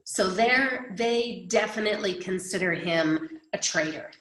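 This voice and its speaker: A woman's voice: medium pitch, a little slow, echoey room, noisy background. A woman history teacher giving a chatty recorded lecture, explaining with everyday examples.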